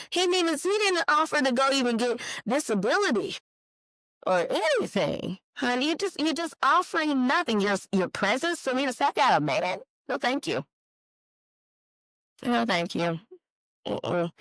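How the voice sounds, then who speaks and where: A woman's voice: on the high side, no room sound, poor audio. A young woman, hosting a podcast and telling a personal story frankly and animatedly, acting out the dialogue. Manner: animated, frank and profane, acts out quoted dialogue. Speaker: podcast host. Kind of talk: candid storytelling monologue.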